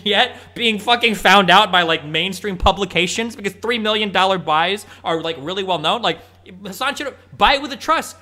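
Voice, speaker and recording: A man's voice: high voice, sharp tone. A man in a heated, profane, mocking rant on a stream clip. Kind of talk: ranting stream commentary.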